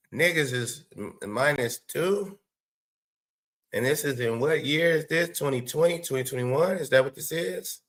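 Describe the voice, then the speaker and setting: A man hosting a show, giving loose, excitable live reaction commentary with lots of swearing and laughing asides. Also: a little high. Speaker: show host.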